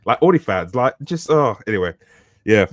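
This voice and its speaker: Male podcast co-host from the UK, 30s, animated swearing storyteller, dry close mic. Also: fairly low pitch, moderate pace, no room sound. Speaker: co-host, author. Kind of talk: casual podcast chat.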